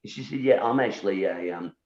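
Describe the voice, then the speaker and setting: The echoey, dull lo-fi recording captures a low, fast, slightly mellow male voice. He's a musician guest in a laid-back conversation, repeating words and asking "you know?" again and again as he challenges beliefs and makes his case.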